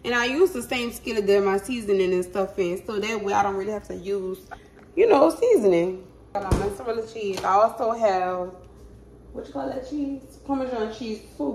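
A woman's voice: medium pitch, lively intonation, brisk, slight background noise. Chatty woman in an echoey kitchen. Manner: chatty, talks to viewers as "y'all", hums while cooking. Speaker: cooking vlogger. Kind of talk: casual cooking vlog talk. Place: home kitchen.

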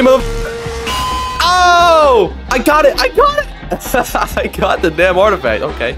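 A young man narrating his gameplay in a loud, excitable, trash-talking way, full of slang. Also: sits high, normal speed. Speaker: gaming video creator. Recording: game music underneath.

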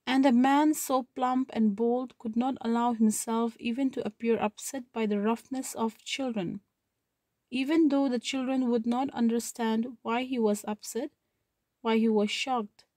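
A woman's voice: on the high side, steady tone, measured pace, dark tone, no echo. Woman, literature lesson, paraphrasing a story, dry close recording. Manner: reads a passage then paraphrases it, with checking "okay". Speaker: literature teacher. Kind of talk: reading a story aloud and explaining it.

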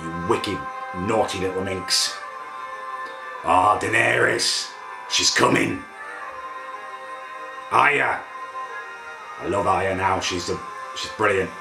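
A man, a vlogger gushing with excitement while reacting to a trailer and swearing casually. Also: deep voice, slow pace, creaky, long pauses. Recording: echoey room with faint music.

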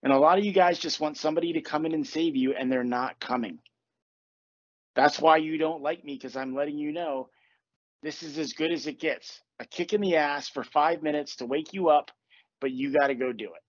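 A man's voice: on the high side, normal speed. A man hosting a casual podcast as a coach, talking bluntly with tough love and swearing. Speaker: podcast host and manifestation coach. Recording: dull lo-fi recording, dry.

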